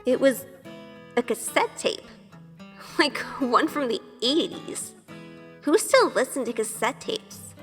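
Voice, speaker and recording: A woman's voice: sits high, expressive, slow, long pauses, big-room sound, soft background music. An actress narrating in first person as a shy, nervous young woman who keeps questioning herself in an audio drama. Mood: self-conscious. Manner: earnest, self-questioning inner monologue.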